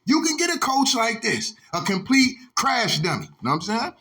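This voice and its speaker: A man's voice: very high-pitched, sing-song, moderate pace, sharp tone. A man hosting his own sports vlog, ranting in a heated, profane, repetitive way and throwing "dog" into nearly every sentence. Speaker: sports vlogger.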